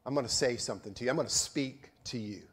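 A man voicing God in a sermon retelling, speaking low and calmly. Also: quick pace, breathy edge, lightly acted. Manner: calm, hushed. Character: calm commanding divine voice.

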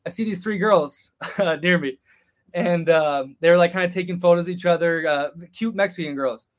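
A man with a high, light voice tells a rowdy travel story in a loose, casual way. He swears freely and puts on quick voices for the people he quotes. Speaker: podcast guest.

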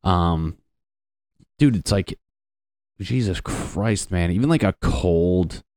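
Man, low pitch, dry close sound, profane sarcastic comedy rant, casual podcast talk. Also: slow, darkish tone, dry recording. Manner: profane, sarcastic, riffs while reading web pages aloud.

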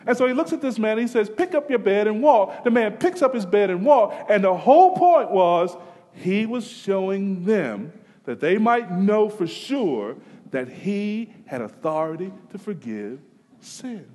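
Male preacher, sermon delivery, dynamic from quiet to fervent, high-pitched, long hall reverb. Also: big pitch swings, unhurried. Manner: dramatic swings from hushed to emphatic, rising to near-shouts. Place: church sanctuary.

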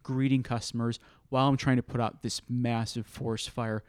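A man's voice: mid-range voice, moderate pace, clean tone, dry recording, studio quality. Storytelling man, chatty podcast voice. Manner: animated storyteller who acts out quoted dialogue. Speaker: podcast co-host. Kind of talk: casual chat, storytelling.

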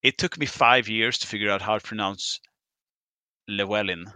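A male podcast host chats casually, joking and teasing his guests. His voice is a little low and forceful, recorded close and dry. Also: steady tone, no echo. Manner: joking, quick to tease. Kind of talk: casual chat.

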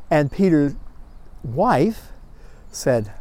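A man teaching a Bible class, telling stories in a folksy, animated way with frequent chuckles. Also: high-pitched, unhurried, pauses often. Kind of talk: storytelling Bible lesson.

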